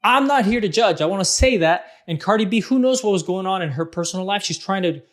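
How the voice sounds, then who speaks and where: A man's voice: sits high, lively intonation, fast, fairly bright tone. A man in his thirties hosting a parenting talk, speaking casually and animatedly, acting out quotes as he explains. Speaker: parenting vlog host. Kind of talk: casual advice monologue.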